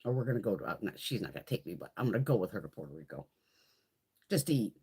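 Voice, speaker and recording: Woman on a makeup livestream, husky voice, swears constantly, voice swoops all over. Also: rumbling low, very animated, rapid-fire, dark tone. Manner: rambling, swears a lot; chatty, laughs often. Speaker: beauty live streamer. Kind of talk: casual live-stream chat.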